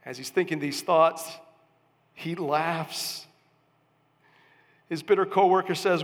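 A man preaching a sermon as a pastor, emphatic, with sudden rises and soft drops. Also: high voice, fairly even intonation, slow, long pauses, long reverb tail.

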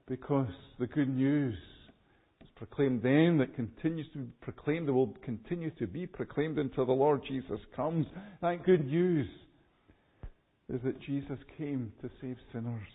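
A man delivers an earnest sermon in a slightly raised voice, stumbling and repeating words as he presses each point home. The recording is thin and narrow, like a voice over a phone line. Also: on the high side. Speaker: preacher.

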